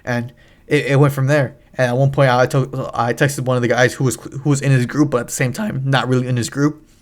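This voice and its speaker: A man's voice: mid-range voice, little pitch movement, fairly quick. Young male gamer, loose profane storyteller, mid-range voice, lots of false starts. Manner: rambling, profane, frequent restarts. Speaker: gaming channel host. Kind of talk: casual storytelling over gameplay.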